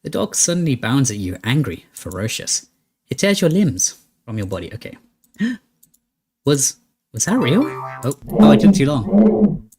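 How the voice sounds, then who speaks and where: A man's voice: mid-range voice, sing-song, unhurried, long pauses, a little mellow, breathy edge. Playful man reading a horror game aloud. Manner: playful, reads narration dramatically with laughs and asides. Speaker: gaming channel host. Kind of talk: let's play commentary reading game text aloud.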